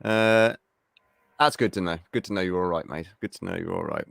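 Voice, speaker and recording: A man's voice: low voice, a little fast, gravelly, fairly bright tone, smooth, no echo, clean studio sound. A man from the West Midlands with a West Midlands English accent, hosting a casual live-stream chat and saying mate a lot. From England, West Midlands. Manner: chatty, says mate a lot. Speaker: show host.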